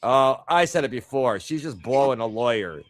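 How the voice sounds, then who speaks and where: Male guest, casual chat, crude mocking humor, mid-pitch. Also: animated, normal speed, no room sound, studio quality.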